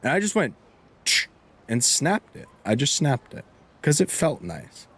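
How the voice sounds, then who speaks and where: Streamer masculin, bavard, voix de hauteur moyenne, très expressive, jurons fréquents. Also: male voice, medium pitch, normal speed, husky. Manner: animated, chatty, laughing, swears freely. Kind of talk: casual live-stream chat while gaming.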